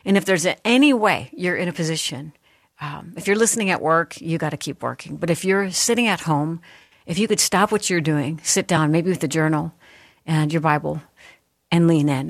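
A woman's voice: deep voice, fairly bright tone, dry recording, studio quality. A middle-aged woman hosting a faith talk radio show, speaking in an earnest, heartfelt way that is a little teary. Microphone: studio microphone.

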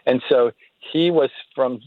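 A man telling a story casually, halting often with fillers and restarts. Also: medium pitch. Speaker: interview guest telling a story. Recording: tinny phone-line sound, dry.

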